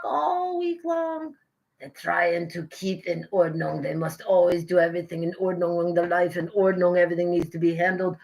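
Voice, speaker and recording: A woman's voice: on the low side, rough recording. An American woman in her young adult years, chatting casually with her viewers while she paints at home, rambling and self-mocking. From United States. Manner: rambling, self-mocking, swings between loud bursts and mutters. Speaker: live streamer painting. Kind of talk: casual chat to live chat viewers.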